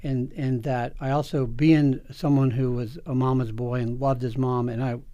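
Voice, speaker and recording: A middle-aged man tells a personal story as a guest, earnest and heartfelt. He restarts his sentences often, and his voice sits at a medium pitch. The sound is dry and close, with no room echo. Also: moderate pace. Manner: earnest, emotional, animated storytelling with many restarts. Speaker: OB-GYN guest. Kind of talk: candid personal storytelling interview.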